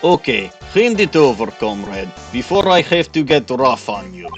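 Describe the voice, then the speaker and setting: A man voicing a gruff, threatening Russian thug with a put-on Russian accent in comic game voice acting. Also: mid-range voice, big pitch swings, moderate pace, faint music behind, lightly acted. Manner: over-the-top mock threats.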